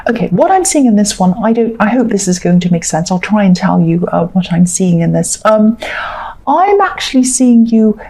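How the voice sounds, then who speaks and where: A woman's voice: medium pitch, very animated, moderate pace, mellow. A woman chatting through a tarot card reading in a rambling, casual way, with lots of fillers and repeats. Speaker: tarot reader.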